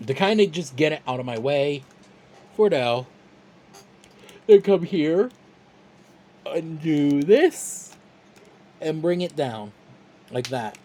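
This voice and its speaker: With a middle-pitched voice over faint background hiss, a toy reviewer guides viewers through a build. The tone is casual, chatty, and self-mocking, like an informal tutorial.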